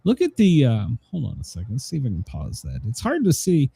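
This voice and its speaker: Man, show host, casual news riffing, rambling, lively pitch, mellow tone. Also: fairly quick, vocal fry, husky, no echo. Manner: rambling, many fillers, laughs at own jokes. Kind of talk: casual news commentary chat.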